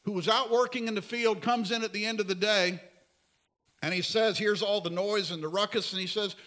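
A man preaching a sermon as pastor, earnest and pleading, at times dropping to soft emphasis. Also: high voice, fairly even intonation, fairly quick.

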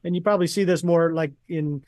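A man's voice: on the high side, fairly even intonation, quick pace, a little mellow, dry recording. Man walking through his list of points. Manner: explains points in a numbered list. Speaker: podcast guest. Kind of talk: casual chat.

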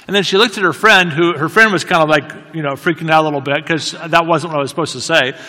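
A man telling a story in a halting, self-deprecating way, with many restarts. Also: fairly high pitch, pushed and bright, in a large hall. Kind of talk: anecdotal storytelling talk.

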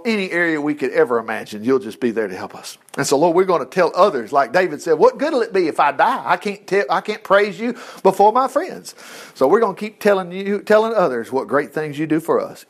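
A man teaching from the Bible in a relaxed, homespun manner, chatting through the stories as he reads. His voice sits high and swings widely in pitch as he animates the tale. He drifts between reading aloud and plain-spoken asides. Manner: folksy and conversational, animated storytelling. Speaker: preacher.

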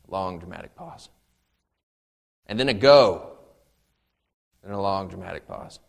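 A man's voice: low-pitched, expressive, a little slow, creaky, pauses often. A man preaching a sermon, reading scripture aloud with dramatic emphasis and breaking into conversational, humorous asides. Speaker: pastor.

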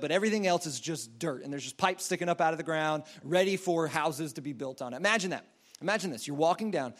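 A man preaching a sermon in a casual, rambling storytelling way, full of fillers and restarts. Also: high voice. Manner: acts out quoted voices in a story.

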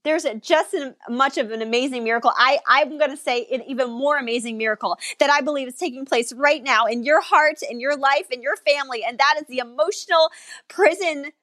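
A woman's voice: high-pitched, brisk, fairly bright tone, no echo, studio quality. A woman preaching and praying fervently, with repeated declarations and prophetic words to listeners.

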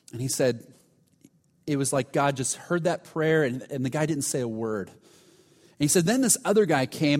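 A male pastor with a somewhat high voice, preaching to his congregation. He tells the story with restarts, then drops to a near hush at the tense moments. His voice rings with long reverb from a large hall. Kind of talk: sermon.

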